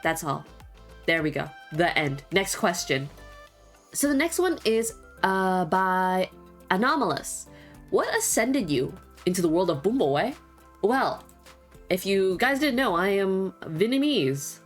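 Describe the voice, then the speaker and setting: A woman's voice: medium pitch, sing-song, unhurried. A woman chatting casually as she answers viewer questions, rambling and laughing often. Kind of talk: casual Q&A chat. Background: faint background music.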